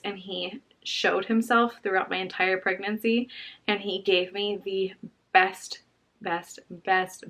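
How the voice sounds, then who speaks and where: A young woman telling a personal story to her vlog audience at home. She speaks softly and earnestly, halting and restarting as she searches for words. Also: medium pitch. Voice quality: soft, earnest and heartfelt. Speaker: vlogger.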